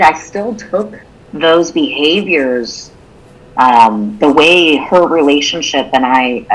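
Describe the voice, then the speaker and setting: Her voice is low and husky, captured in poor audio. As co-host of a podcast, she opens up about a personal story in a relaxed, candid chat.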